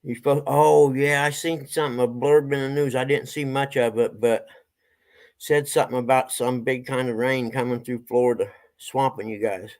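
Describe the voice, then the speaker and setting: Folksy middle-aged guy, gravelly voice, winded, casual home stream. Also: medium pitch, steady tone, normal speed, darkish tone, poor audio. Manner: folksy, talks to his pets and chat viewers. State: out of breath. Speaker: livestreamer. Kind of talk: casual livestream chat.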